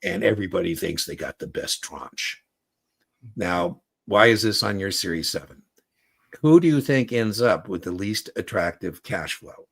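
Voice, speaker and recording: A man hosting a casual livestream Q&A as an exam prep coach, chatty and animated, telling stories. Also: low-pitched, moderate pace, creaky, breathy edge.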